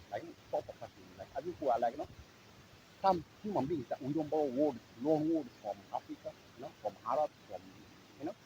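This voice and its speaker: A man's voice: on the high side, dark tone, a little hiss or hum, low-quality recording. Guy ranting sarcastically, says like you know constantly, voice bouncing all over. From Eritrea. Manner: rambling, heavy use of "like, you know", sarcastic. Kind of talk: casual monologue.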